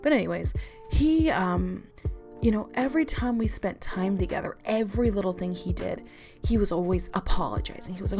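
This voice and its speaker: A woman's voice: mid-range voice, normal speed, darkish tone, faint music behind. A woman vlogger giving relationship advice in a chatty, rambling way, with lots of "like" fillers. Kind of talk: casual advice talk to camera.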